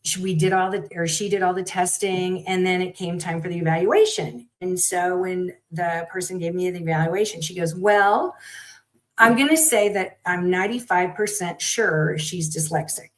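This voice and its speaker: Animated middle-aged woman telling a story. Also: on the low side, moderate pace, poor audio. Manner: animated, acts out quoted people. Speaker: guest parent. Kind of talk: conversational storytelling.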